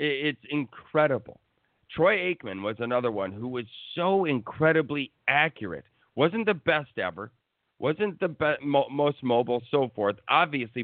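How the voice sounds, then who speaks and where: A man's voice: medium pitch, no room sound. A man giving blunt, profane sports opinions in a casual talk-show rant. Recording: tinny phone-like line, dry.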